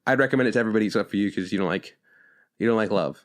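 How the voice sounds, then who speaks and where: Fast-talking, profane male podcast host. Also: on the low side. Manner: rambling, profane, acts out quotes. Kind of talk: casual chat about anime.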